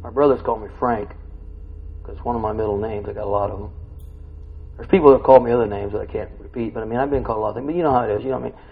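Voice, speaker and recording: Folksy man preaching, husky voice. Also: rapid-fire. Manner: folksy, asks the listeners questions; swells loud and high when excited. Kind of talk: conversational sermon. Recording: dull lo-fi recording.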